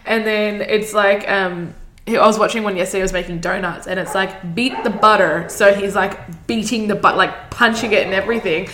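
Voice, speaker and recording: Bright-voiced Australian woman podcaster, echoey room. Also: mid-range voice, fairly quick. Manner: animated storyteller, acts out funny voices with laughs. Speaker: podcast co-host. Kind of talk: casual chat.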